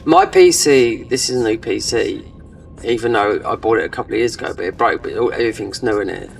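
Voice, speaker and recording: Rambling gamer talking over play; mic at a distance, faint music behind. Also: male voice, on the low side, brisk, gravelly. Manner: rambling, trailing off, many fillers. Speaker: gaming channel host. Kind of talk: casual gameplay commentary.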